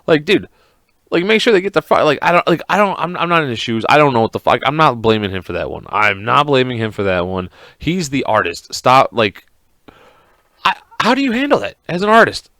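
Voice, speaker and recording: A man hosting a podcast alone, ranting in a casual, profane, rambling and excitable way. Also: medium pitch, a little fast, no room sound, clean studio sound. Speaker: podcast host.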